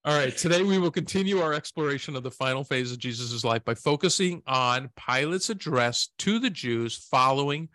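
Bright, dry-voiced man reading scripture. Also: medium pitch, animated, moderate pace, few pauses, no room sound. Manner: reads scripture aloud, laughs easily. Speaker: podcast co-host. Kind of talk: Bible reading and casual discussion.

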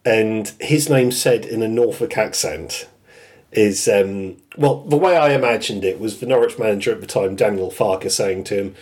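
A man's voice: on the low side, normal speed, darkish tone. A man with a British accent hosting a podcast in casual chat, working through a list and laughing often as he goes. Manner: chatty, laughs often while listing quotes. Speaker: podcast host.

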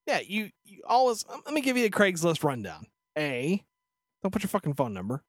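Man, podcast co-host, swears a lot, sarcastic rant, very lively pitch, dry close sound. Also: a little fast, no room sound. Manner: profane, ranting, sarcastic. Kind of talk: casual chat.

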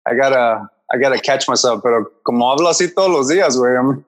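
A man's voice: medium pitch, quick pace, low-quality recording. A man on a podcast, chatting casually and swearing, switching between English and Spanish. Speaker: podcast host. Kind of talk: casual bilingual chat.

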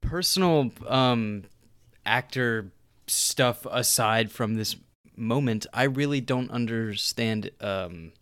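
A man's voice: medium pitch, slow pace, a bit bright, clear, resonant tone, no echo, studio quality. A man casually discussing movies on a podcast, laid-back and hedging his opinions.

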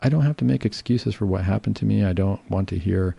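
Gravelly dark-voiced man, reassuring. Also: on the low side, fast talker, no room sound. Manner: calm, reassuring, explains patiently with fillers and restarts. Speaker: psychiatrist. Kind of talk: casual educational talk.

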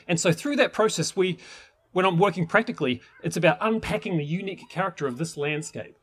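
A man's voice: high-pitched, fast, slightly rough. A man teaching permaculture in an enthusiastic, rambling way, with many restarts. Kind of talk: informal teaching talk.

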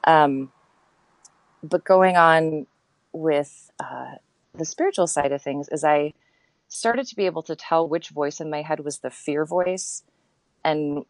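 A woman's voice: low-pitched, slow pace, long pauses, no room sound, low-quality recording. A woman in her thirties, a guest in a casual interview, talking candidly and reflectively with many fillers and restarts.

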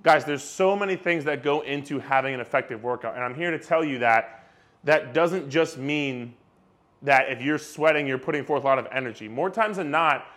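A man's voice: medium pitch, normal speed, a bit bright. A young man, a fitness coach, talking emphatically straight to camera, repeating himself and swearing casually. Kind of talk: direct-to-camera fitness rant.

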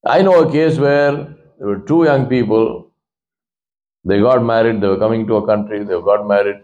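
Male imam delivering a sermon, animated storyteller, speaks directly to listeners. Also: highs cut off. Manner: animated storyteller, acts out voices with big pitch swings; conversational, addresses listeners directly.

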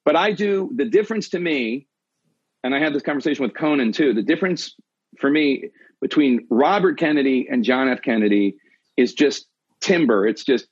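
Male host, anchor type, husky voice, quick and self-interrupting, dull lo-fi recording. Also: medium pitch, animated. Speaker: news anchor hosting the talk. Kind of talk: casual interview chat.

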